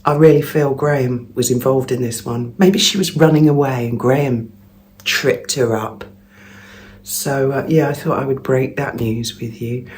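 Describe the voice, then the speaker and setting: A woman's voice: a bass voice, steady tone, unhurried, darkish tone, slight background noise. A woman vlogger telling a gossipy story in a chatty monologue at home, laughing often. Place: at home early in the morning.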